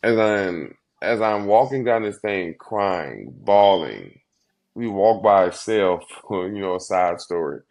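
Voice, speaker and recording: A man in his thirties, a guest in an interview, telling his own story in an earnest, heartfelt way, rushing some phrases and slowing hard on others. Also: low voice, animated, darkish tone. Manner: earnest, heartfelt, quick bursts with slow emphatic pauses.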